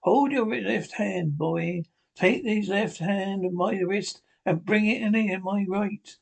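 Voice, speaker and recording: A man voicing a sinister blind old beggar who whines in a sing-song and then threatens coldly, with a gravelly, husky voice. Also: high-pitched, slow pace, full character voice. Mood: cold menacing.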